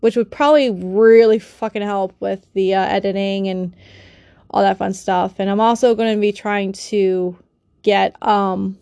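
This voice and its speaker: A woman's voice: medium pitch, steady tone, unhurried, creaky, dark tone, smooth, no echo, studio quality. A young woman with a cold and a stuffy nose, ranting emotionally in a personal vlog, swearing and rambling with many fillers and restarts, recorded on a phone or built-in mic. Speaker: vlogger.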